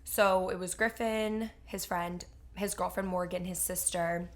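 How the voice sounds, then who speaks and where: Speaking at a measured pace in a lowish voice, a young woman co-hosts a podcast. She tells animated stories in casual chat and uses "like" heavily.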